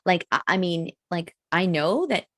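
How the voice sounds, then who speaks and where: A woman co-hosting a podcast in casual chat, animated and rambling, often breaking into laughter. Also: fairly low pitch, measured pace, no echo, clean studio sound. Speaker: podcast co-host.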